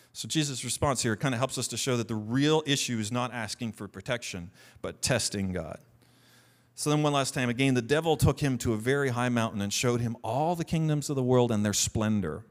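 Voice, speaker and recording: A man's voice: fairly low pitch, quick pace. Conversational man preaching a sermon. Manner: conversational preaching, reads scripture aloud with rising emphasis; repeats words and restarts often. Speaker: pastor.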